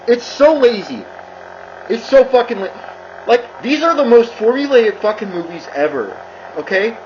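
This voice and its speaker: A person delivering an angry, profane rant, swearing constantly and repeating themselves as they build up steam. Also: medium pitch. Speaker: commentator. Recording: dull lo-fi with clear noise.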